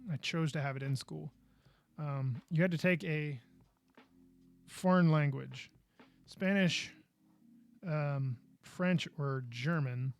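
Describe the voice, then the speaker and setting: A man's voice: on the high side, vocal fry. A man hosting a live podcast, chatting casually and goofily while he builds, with frustrated outbursts. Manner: goofy, chatty, exclaims in frustration. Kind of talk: casual live-stream chat.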